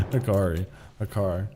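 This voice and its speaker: Slow-talking rambling male streamer. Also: low-pitched, background noise. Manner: rambling, profane, laughs at himself. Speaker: game streamer. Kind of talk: casual live-stream commentary.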